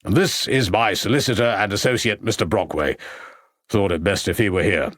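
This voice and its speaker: A man playing a brusque, domineering middle-aged country gentleman who gives orders. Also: lowish voice, moderate pace, dry recording, studio quality. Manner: brusque, commanding.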